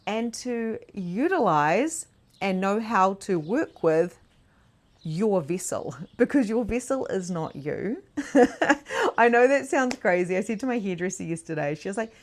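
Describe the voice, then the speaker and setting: A woman coaching mediumship in a live online masterclass, telling stories in a chatty, animated way with frequent laughs and "like" fillers. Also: medium pitch, a little slow.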